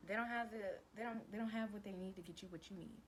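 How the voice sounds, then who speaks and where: A woman's voice: mid-range voice, quick pace, slight background noise, poor audio. A woman vlogger talking casually to camera, giving advice in a chatty, emphatic way and calling the viewer girl and babe. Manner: glances down at written notes.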